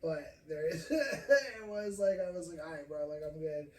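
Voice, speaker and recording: A man's voice: on the high side, lively intonation, normal speed. Rambling, profane young man hosting a podcast. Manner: rambling, profane, laughs often. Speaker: podcast host. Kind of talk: casual podcast chat. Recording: roomy, distant mic, faint noise.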